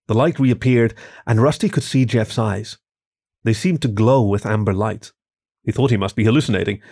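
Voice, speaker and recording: A man narrates a story in a calm, measured way, with gravel in his voice. The recording is dry and close, with no room sound. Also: lowish voice, dry recording. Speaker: story reader. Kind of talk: scripted narration.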